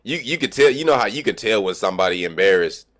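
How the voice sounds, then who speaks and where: Streamer, male, low voice, animated profane storyteller, acts out quotes, dry mic. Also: fast talker, dry recording. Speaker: livestreamer. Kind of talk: casual storytelling chat.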